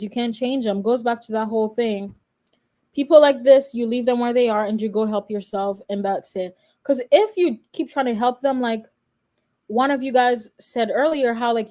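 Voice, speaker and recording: A woman in her twenties, a law student, reacts live and chats directly with her viewers in stream commentary. Her voice sits on the high side and sounds slightly mellow.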